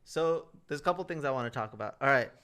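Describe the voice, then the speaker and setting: A man's voice: mid-range voice, animated, fast talker, a bit bright, smooth. A young man co-hosting a podcast, telling stories in a rambling, casual way full of fillers. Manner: rambling, filler-heavy storytelling. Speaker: podcast co-host. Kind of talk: casual chat.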